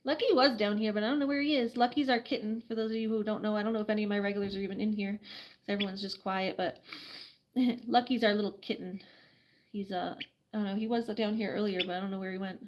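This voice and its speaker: A woman hosting a casual late-night livestream at home, chatting and laughing often as she bathes a bird, slipping into high baby talk. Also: steady tone, rapid-fire. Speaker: livestream host caring for animals. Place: home at night, bathing a bird near a couch.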